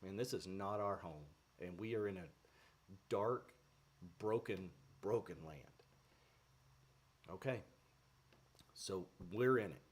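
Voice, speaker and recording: This man's somewhat low, husky voice carries an earnest devotional lesson. He keeps it relaxed and conversational, frequently stopping on fillers and starting phrases over.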